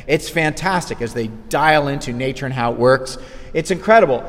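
A man preaching a sermon in a lively, conversational way, acting out quotes as he goes. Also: medium pitch, normal speed, big-room sound.

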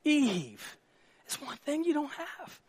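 A sly, tempting devil, as a preacher puts him on, coaxing softly and wheedling. The voice stays dry and close, with no room around it. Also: male voice, very high-pitched, huge pitch swings, slow, no echo, voice pushed up, heavily acted.

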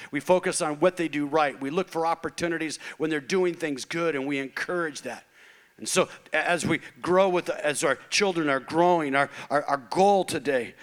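A man's voice: a little high, a bit bright. A man preaching a sermon in an earnest, emphatic way, often repeating himself. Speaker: pastor.

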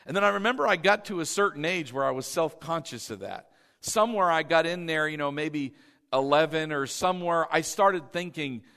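In a large hall, a male pastor with a slightly high, somewhat bright voice preaches a sermon. His style is conversational yet emphatic, and he often checks in with the congregation and repeats key phrases.

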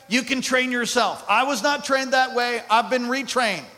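A male pastor preaching a sermon, calling out to the congregation and swinging from quiet to loud. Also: extremely high pitch, unhurried. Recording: hall reverb with faint music.

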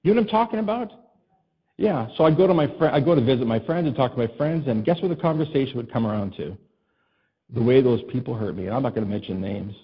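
A man delivers a sermon in an easy, conversational way, asking his listeners questions and acting out conversations. His voice is somewhat husky and sits at a middle pitch. The recording sounds muffled and dull. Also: expressive, fast talker. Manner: conversational, asks the congregation questions, acts out quotes. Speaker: pastor.

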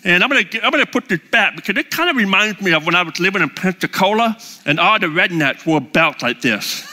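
High, bright-voiced man telling stories. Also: quick pace. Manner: lively, enthusiastic, holds up props. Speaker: speaker addressing a live audience. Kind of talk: animated personal storytelling.

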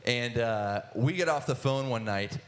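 Young man, earnest testimony, church talk, mid pitch, halting restarts. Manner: earnest storytelling with many restarts and filler words. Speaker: guest speaker sharing testimony. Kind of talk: personal testimony in a church setting.

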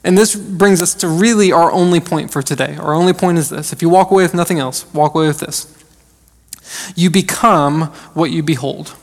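High-voiced man preaching in a reverberant hall. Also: normal speed. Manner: conversational preaching with frequent fillers. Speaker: associate pastor. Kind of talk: sermon.

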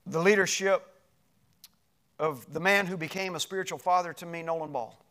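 A middle-aged male pastor telling a personal story in a sermon, animated and moving between loud passages and hushed ones. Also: sits high, moderate pace.

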